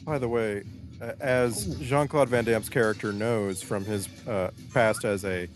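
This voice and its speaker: A man's voice: lowish voice, fairly even intonation, measured pace, faint music behind. A man co-hosting a podcast, making playful observations about a movie, often restarting mid-sentence. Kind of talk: casual movie-watching commentary.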